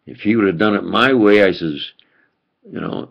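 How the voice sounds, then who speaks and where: A man's voice: fairly low pitch, moderate pace, creaky. An older man with a New York accent, a preacher delivering a rambling, emphatic monologue to the camera. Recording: dull lo-fi recording.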